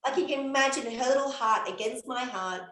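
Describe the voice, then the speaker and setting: Fiftysomething woman chatting on a podcast, kinda high voice, lively, acts stuff out, echoey room. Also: fairly quick. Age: 50s. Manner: animated, swearing, acts out child and mother voices. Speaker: podcast co-host and coach. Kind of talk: casual podcast chat.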